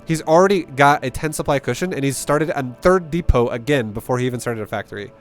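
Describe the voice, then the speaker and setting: A man breaks down a game replay for his student in loose, spoken coaching. He is blunt and profane and drives each point home by saying it again. Soft music plays faintly behind him. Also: medium pitch, quick pace. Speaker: StarCraft coach. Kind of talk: casual coaching commentary over gameplay.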